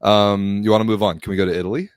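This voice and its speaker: Male podcast co-host, deep voice, dry close sound, opinionated and scoffing. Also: level tone, fast, clear, resonant tone, dry recording. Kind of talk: casual sports podcast chat.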